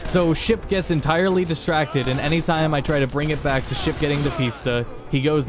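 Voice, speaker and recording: A man's voice: a little high, steady tone, a little fast, music in the background. A young man casually telling a rambling story while playing a game, with many fillers and restarts. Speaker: podcast host playing a game.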